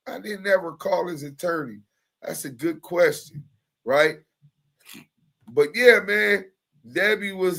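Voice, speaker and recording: A man's voice: a little high, a bit bright. Laid-back man reading documents on stream. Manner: laid-back, reads documents aloud, chuckles often. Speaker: livestream commentator. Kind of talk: casual livestream commentary reading documents.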